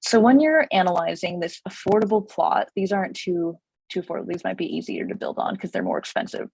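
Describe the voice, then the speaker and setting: A woman realtor with a slightly hoarse voice and a Californian accent, chatting casually with many fillers and restarts. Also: lowish voice, huge pitch swings, brisk, darkish tone, rough recording. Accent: Californian English. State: slightly hoarse, losing her voice. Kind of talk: casual explainer video.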